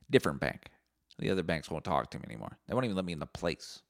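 A man's voice: low-pitched, sing-song, racing, gravelly, no echo, clean studio sound. A man, hosting a solo podcast and rambling through profane, jokey stories. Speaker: podcast host. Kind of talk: solo comedic podcast monologue.

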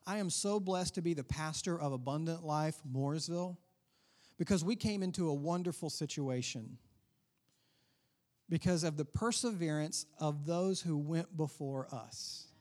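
A man's voice: a little high, a little mellow. A man, a pastor preaching a sermon in a conversational way with asides to the congregation.

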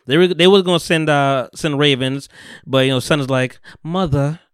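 Smooth-voiced man telling a profane recap. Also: medium pitch, fairly quick, dry recording, studio quality. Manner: animated storyteller, profane slang, acts out quotes. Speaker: podcast host. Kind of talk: casual chat, recapping a TV episode.

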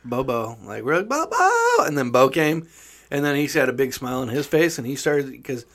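A man's voice: medium pitch, brisk. A man in casual chat, loose and laid-back, with profane banter. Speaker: father, co-host.

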